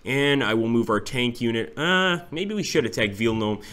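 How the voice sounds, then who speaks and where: Relaxed man narrating a strategy game. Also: mid-range voice, moderate pace. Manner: thinking aloud, relaxed, frequent fillers. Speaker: strategy game let's-play host. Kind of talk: casual gameplay commentary. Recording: clear background noise and clicks.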